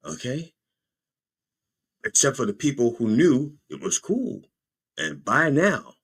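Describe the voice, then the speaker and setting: A middle-aged man hosting a podcast, delivering a rambling, profane comedic political monologue with jokey asides, sometimes shifting into high mocking voices to quote people. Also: fairly bright tone, husky. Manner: puts on high mocking voices when quoting. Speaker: podcast host.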